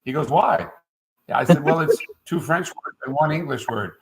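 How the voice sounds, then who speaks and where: A man's voice: fairly high pitch, fairly quick, a crowd in the background, rough recording. A middle-aged man from Quebec, a winemaker guest telling stories in a casual interview, rambling along with plenty of "uh" fillers. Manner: rambling and anecdotal, frequent "uh" fillers.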